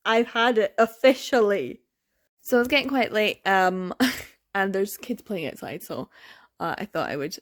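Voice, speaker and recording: A woman talking casually in a reading vlog, ranting in frustration and swearing often. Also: mid-range voice. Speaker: book vlogger.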